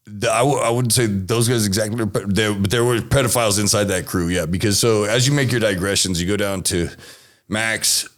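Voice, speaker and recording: Very deep-voiced man telling a rambling story. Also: fairly quick. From Texas. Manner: rambling, restarts and swears. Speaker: interview guest. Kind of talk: casual storytelling interview.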